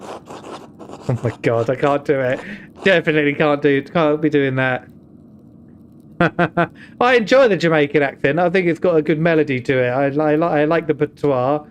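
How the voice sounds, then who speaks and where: A young British man rambles and jokes through casual game commentary, often poking fun at himself. His voice sits slightly high for a man. A faint hiss runs behind him. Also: moderate pace. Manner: joking, rambling, self-mocking. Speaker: streamer.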